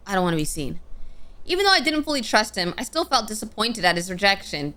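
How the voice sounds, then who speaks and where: A woman's voice: mid-range voice, quick pace. A young woman streamer reading a game story aloud with dramatic flair and playful casual asides. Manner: expressive, with sudden playful outbursts.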